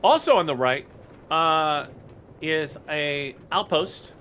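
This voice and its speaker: Chatty streamer guy greeting his viewers, kinda high pitched, faint hiss behind. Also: expressive, slow, a bit bright. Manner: chatty, greets viewers by name, rambles with fillers. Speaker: game streamer. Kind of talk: casual live-stream chat.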